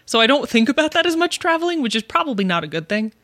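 A woman's voice: high voice, very animated, quick pace, fairly bright tone, no room sound. Young woman with a dry, wry wit. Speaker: podcast co-host. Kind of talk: casual chat.

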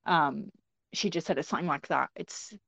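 A woman's voice: deep voice, moderate pace, creaky, fairly bright tone, no echo. A woman, a guest, tells a story in a casual, conversational way with many fillers, acting out the quotes. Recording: dull lo-fi recording.

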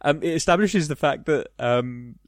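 A man's voice: fairly high pitch, moderate pace, no room sound, clean studio sound. A man co-hosting a casual film podcast, rambling with many fillers and laughing at the jokes. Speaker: podcast co-host.

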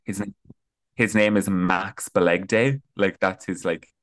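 A man's voice: low-pitched, steady tone, slow pace, a bit bright. A man, a podcast guest in casual, enthusiastic chat about pop music. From Ireland. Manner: chatty, enthusiastic, lots of "like" fillers.

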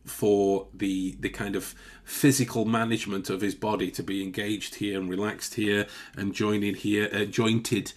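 A man with a lowish, fairly flat voice talks a bit slowly and barely pauses. He casually explains body language to a co-host, chatty and unscripted, swearing freely and laughing often.

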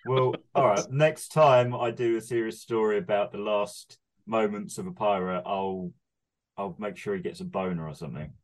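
A man's voice: lowish voice, moderate pace. A man co-hosting a comedy podcast, bantering dryly with plenty of swearing and laughs. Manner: dry, sweary, laughing often. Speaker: podcast co-host. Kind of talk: casual banter.

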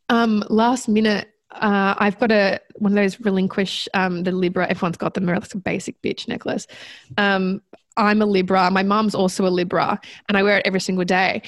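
A woman appearing as a guest shares a personal story in conversation, sounding reflective and halting with lots of fillers and restarts. Her pitch sits in the medium range, and there's no room sound.

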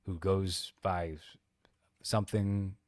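A man's voice: sits low, level tone, slow pace, a little mellow, no room sound, studio quality. A man co-hosting a podcast in casual chat, crude and sarcastic, rambling through long asides. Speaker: podcast co-host.

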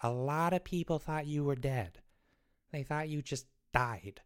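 An excitable, scatterbrained young boy, acted by a woman, who rambles and wanders off topic in comedic podcast banter. The voice sits a touch low, smooth and clear. He talks in bursts, restarting and piling on ideas. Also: a little slow. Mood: curious. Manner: scatterbrained, rambling, easily sidetracked. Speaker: podcast co-host.

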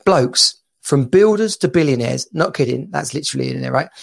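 A man, co-host of a chat show, telling stories in a relaxed, chatty way with frequent restarts and laughs. His voice sits at a middle pitch with a gravelly, fry-laced edge. He is heard through a video call. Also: a little fast. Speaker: podcast co-host and dad coach. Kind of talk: casual chat.

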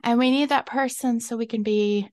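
A young woman hosts a solo podcast, talking candidly and reflectively and often laughing at herself. Her voice sits on the high side with a fairly even intonation, a darkish tone, and a normal speed. The studio-quality recording has no room sound.

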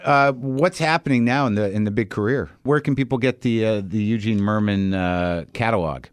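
A man hosting a podcast, telling a story in a casual, animated way, acting out other people's lines and swearing as he goes. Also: lowish voice, moderate pace, clean tone, dry recording, clean studio sound. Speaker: podcast host.

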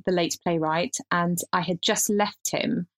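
A woman's voice: lowish voice, steady tone, unhurried. A middle-aged woman, co-hosting a casual podcast chat and telling stories with lots of restarts. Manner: chatty storyteller, frequent restarts and laughter. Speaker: podcast co-host.

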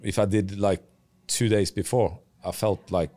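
A man with a lowish voice talks through his playing days as a podcast guest. He speaks haltingly, often stopping to search for the right words. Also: steady tone, mellow. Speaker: guest, former footballer. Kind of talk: relaxed podcast interview.

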